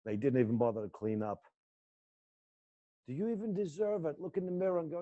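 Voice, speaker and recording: A male acting teacher guiding students through an intense exercise, swinging between low muttered lines and loud coaching. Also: very animated, brisk, lo-fi sound. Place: indoor room.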